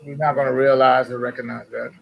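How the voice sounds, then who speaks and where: A man talking as a guest on a casual talk show, making brief, measured remarks. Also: mid-range voice, flat delivery, vocal fry, dull audio, background noise. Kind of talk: casual chat.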